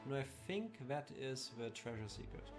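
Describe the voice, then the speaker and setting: A man's voice: mid-range voice, sing-song, moderate pace. A man teasing a friend with dry sarcasm as she plays a video game on stream. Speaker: co-host watching the player. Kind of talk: casual game stream chat. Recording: game music in the background. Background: game music.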